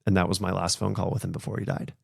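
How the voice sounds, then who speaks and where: Male podcast host, low gravelly voice, dry close sound, reflective storyteller. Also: little pitch movement, racing, no room sound. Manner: reflective storytelling, emotional at times. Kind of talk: casual podcast conversation.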